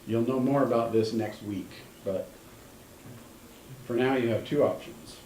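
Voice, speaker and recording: A man's voice: mid-range voice, measured pace, a little mellow, far from the mic. A male teacher in a classroom, patiently explaining step by step and calling on students. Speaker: Hebrew teacher. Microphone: room mic from a distance. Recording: echoey classroom, recorded from afar, faint hum.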